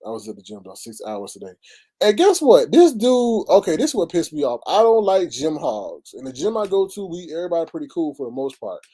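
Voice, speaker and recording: Animated man venting on a livestream. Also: fairly quick. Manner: animated storytelling with big pitch swings and exclamations. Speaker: livestream host. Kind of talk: casual venting livestream chat. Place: at home by a computer, streaming live.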